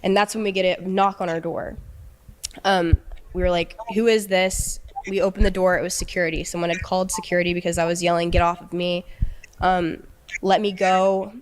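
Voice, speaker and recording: A young woman recounting a painful relationship in an emotional personal account, halting and earnest, with many restarts and fillers. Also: fairly low pitch, fairly even intonation, slight background noise.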